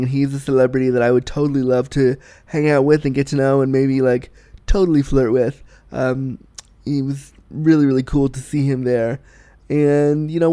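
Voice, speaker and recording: A man's voice: medium pitch, mellow, clear, resonant tone, dry recording. A man hosting his own vlog, talking in a chatty, enthusiastic way with frequent restarts. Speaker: vlog host. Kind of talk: casual personal monologue.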